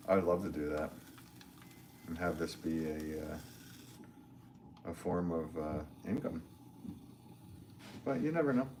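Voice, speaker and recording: A deep-voiced middle-aged man talks casually on a live stream, rambling and friendly as he reads out comments from the chat. His voice sits very low. Behind him there is a faint hiss of background noise. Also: a little slow, long pauses, darkish tone. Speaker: potter hosting a live stream.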